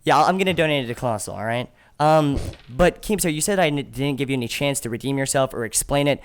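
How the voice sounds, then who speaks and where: A man's voice: medium pitch, quick pace, clear, resonant tone. A man defending himself in a heated podcast argument, swearing constantly and stumbling over his words. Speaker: podcast guest.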